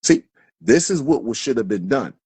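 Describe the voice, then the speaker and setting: Husky man ranting hard. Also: mid-range voice, very animated, moderate pace, a little mellow, dry recording. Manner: heated, preachy, swears constantly. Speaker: livestream speaker. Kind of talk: impassioned profane rant. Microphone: phone on a live stream.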